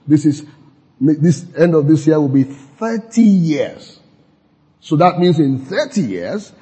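Older Nigerian male pastor, slightly high voice, emphatic sermon delivery, reverberant hall. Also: warm tone, dull audio. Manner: emphatic, repeats key phrases, laughs at his own jokes. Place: church.

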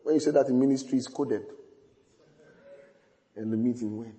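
A middle-aged man preaching a sermon as pastor, telling stories with repetition, sudden loud high outbursts and quiet hushed asides. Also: normal speed. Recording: long hall reverb.

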